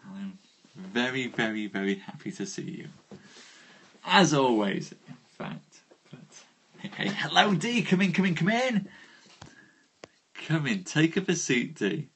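A man's voice: mid-range voice, measured pace, creaky, pauses often, husky. A man hosting a live storytelling stream, chatting and jokily greeting viewers by name before he reads. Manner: warm, jokey, greets viewers by name with lively rises. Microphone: phone livestream.

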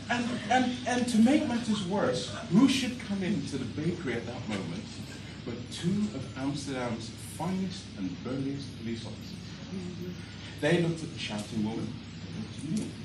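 A man telling a comic story on stage with animated, exaggerated delivery. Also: sits high. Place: storytelling stage before a live audience. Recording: echoey hall from a far mic, audience noise.

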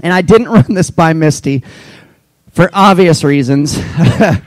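A male pastor with a high voice jokes and teases his congregation during church announcements. His delivery is playful. The sound is dry and close. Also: measured pace, no room sound, poor audio. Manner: playful, teasing.

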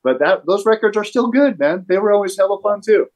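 A man in his fifties, a guest in casual chat, laid-back and halting with many restarts. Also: high-pitched, lively intonation, a little mellow. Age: 50s. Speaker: guest, former tour crew.

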